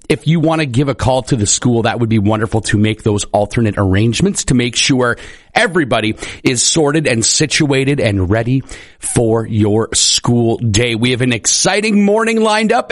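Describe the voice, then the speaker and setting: An upbeat man announcing on morning radio, chatty and friendly. His voice sits at a middling pitch and sounds close and dry in a studio. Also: dry recording. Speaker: radio morning show host.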